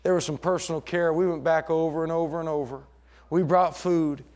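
High-voiced preaching man. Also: steady tone, fairly quick. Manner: preaching, swings from loud emphatic passages to hushed storytelling. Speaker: pastor. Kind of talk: sermon with storytelling.

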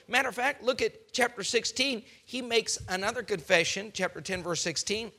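A man's voice: high-pitched, normal speed, pushed and bright. A man preaching a sermon, speaking emphatically and firing off rhetorical questions at the congregation.

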